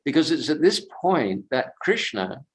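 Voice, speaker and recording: A man giving a devotional storytelling talk at a sacred lake on a pilgrimage walk, unhurried and reflective, drifting between anecdote and commentary. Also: fairly high pitch, big pitch swings, rough recording. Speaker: pilgrimage tour speaker.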